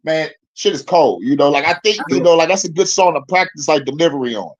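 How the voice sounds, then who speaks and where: A man's voice: a little high, lively intonation, quick pace, low-quality recording. A man in casual voice chat, slangy and profane, laughing easily.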